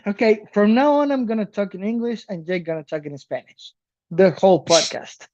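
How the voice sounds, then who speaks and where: A man from South America co-hosting a podcast in casual chat, animated and laughing, swearing casually. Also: sits high, normal speed, dull audio, slight background noise. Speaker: podcast co-host.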